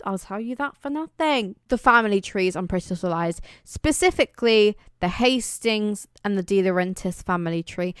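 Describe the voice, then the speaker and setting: A young British woman talks straight to camera in a chatty, dramatic way, piling on playful exaggeration. Her voice is smooth and clear, and the dry, close recording carries no room sound. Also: mid-range voice, no room sound. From Britain. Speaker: vlogger. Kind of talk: casual chat.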